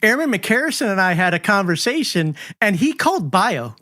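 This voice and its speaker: A host's voice at an ordinary middle pitch, talking casually with an old comrade. The speech keeps breaking into easy chuckles and relaxed storytelling. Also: moderate pace. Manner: chuckles while telling stories. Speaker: channel host and former airman. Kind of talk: casual conversation.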